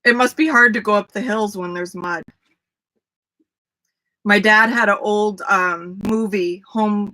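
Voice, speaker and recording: A woman's voice: mid-range voice, fairly bright tone. A woman hosting a casual livestream, chatty, talking to viewers by name and laughing easily. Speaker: livestream host. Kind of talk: casual live chat with viewers.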